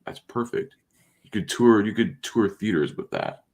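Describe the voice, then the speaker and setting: A man's voice: lowish voice, moderate pace, a little mellow. A man co-hosting a podcast in easygoing casual chat, laughing often. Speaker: podcast co-host.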